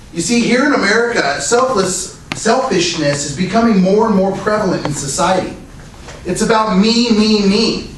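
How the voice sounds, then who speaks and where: A man giving a prepared Toastmasters speech, earnest, asking rhetorical questions. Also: high-pitched. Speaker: Toastmasters speaker. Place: meeting room. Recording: echoey room, distant mic, faint noise.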